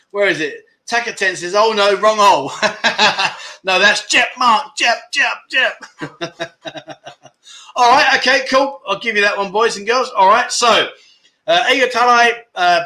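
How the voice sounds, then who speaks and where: Guy doing a jokey live chat show, high voice, teasing the chat. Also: a little slow, pushed and bright. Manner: joking, teasing, reading out viewer comments. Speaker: livestream host. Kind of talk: casual livestream chat.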